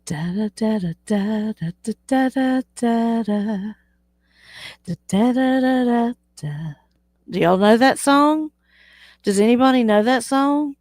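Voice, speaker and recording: A woman with a fairly high voice hosts a laid-back live stream, chatting with viewers, reading their messages aloud, teasing them and laughing a lot. She talks at normal speed, and the sound is clean studio audio with no echo.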